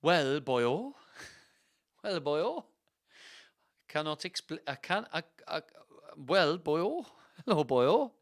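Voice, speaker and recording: Man doing a flustered old lord, wobbly attempt at welsh accent, higher voice, stammering. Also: big pitch swings, slow, pauses often, heavily acted. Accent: failed attempt at Welsh. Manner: stumbling, repeating "boyo", breaking into laughs.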